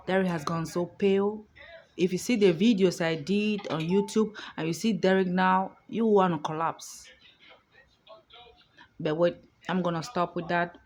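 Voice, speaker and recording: A woman's voice: on the low side, a little hiss or hum. A woman vlogger telling a personal story in a casual monologue, emphatic and outspoken, swearing freely, recorded in a hotel room.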